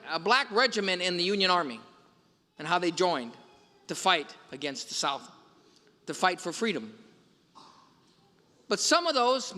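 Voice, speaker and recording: A male priest gives a Sunday homily, retelling film scenes with quoted lines. His voice is high and bright. It carries through a large church with a long reverb.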